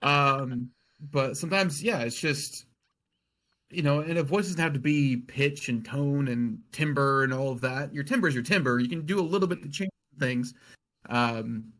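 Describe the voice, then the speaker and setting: A man's voice: medium pitch, unhurried, a bit bright. A man on a podcast talking casually as a guest game master, often restarting his sentences as he thinks aloud.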